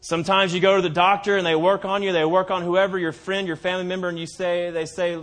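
A man preaching a sermon as pastor, swinging from booming declarations to hushed asides and slowing down hard to stress key phrases. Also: little pitch movement, faint music behind.

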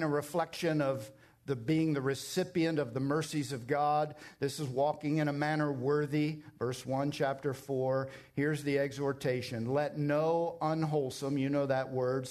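A middle-aged man preaching a sermon as pastor, emphatic and climbing higher when he presses a point. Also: a little mellow.

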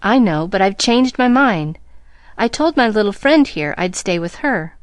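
A woman's voice: medium pitch, animated, unhurried, clear, resonant tone, no room sound, lightly acted. A woman reader voicing a troubled young woman who speaks hurriedly and insistently, with rustic grammar.

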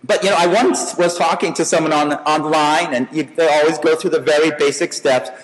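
A man's voice: on the high side, steady tone, brisk, long reverb tail, a crowd in the background, low-quality recording. A man preaching a sermon in a conversational way, telling stories and asking rhetorical questions.

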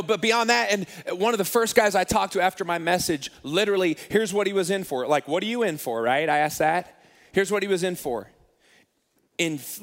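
Guy pastor telling a story in a sermon, kinda high voice, echoey church hall, jokes on himself. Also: a bit bright. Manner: conversational, self-deprecating humor.

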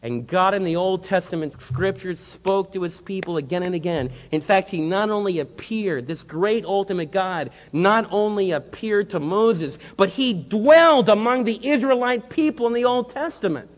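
A male pastor preaching a sermon in a church with impassioned delivery that swings between quiet and loud. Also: sits high, normal speed, hardly any pauses. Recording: long hall reverb.

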